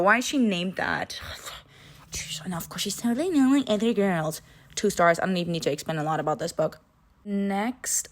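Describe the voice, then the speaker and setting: A woman in a casual book-review vlog, chatty and dramatic, her voice jumping up in pitch for emphasis. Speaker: book vlogger.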